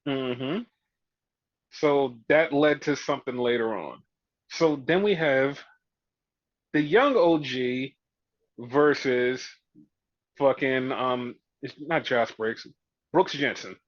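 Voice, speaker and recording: A man's voice: mid-range voice, slow pace, long pauses, no echo. A man hosting a casual wrestling recap, retelling scenes with quoted voices and plenty of swearing. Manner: profane, animated retelling with mimicked quotes. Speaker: podcast host. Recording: dull, dry lo-fi audio.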